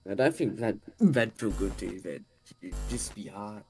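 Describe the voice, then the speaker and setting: A man chatting with friends over a horror game, loud and goofy, laughing a lot. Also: lowish voice, expressive, normal speed, faint music behind. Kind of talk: casual gaming commentary.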